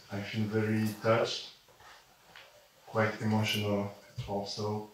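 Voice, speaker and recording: A man with a French accent speaks slowly and haltingly to a gathered audience, pausing often and restarting phrases. His voice sits fairly low. He sounds set back from the mic in a very echoey room, with a light hiss behind him. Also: fairly even intonation, recorded from a distance. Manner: slow, halting, with many pauses and restarts. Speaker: spiritual channeler. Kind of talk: speech to an audience.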